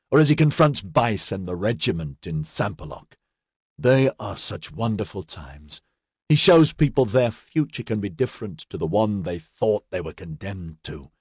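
A male narrator voicing a gentle, steadfast man who speaks softly and reassuringly. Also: breathy edge, dry recording, studio quality. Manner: soft, reassuring, low. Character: gentle, steadfast man comforting his love.

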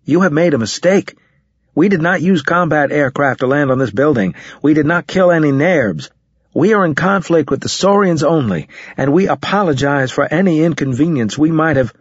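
A man's voice: medium pitch, expressive, moderate pace, slightly rough, no room sound. A man voicing a stubborn young soldier, speaking firmly and insistently in a raised voice. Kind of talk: audiobook character reading. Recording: dull, muffled audio.

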